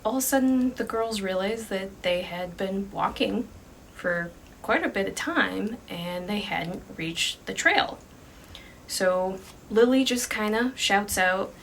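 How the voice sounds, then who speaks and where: A woman spins a ghost story in a loose, chatty way, full of "like" and "kinda." Her voice sits at a middle pitch. There is a faint hiss of ambience behind her. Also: slow, gravelly, a bit bright, recorded from a distance, poor audio. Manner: casual, conversational, many fillers. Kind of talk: casual spoken ghost story.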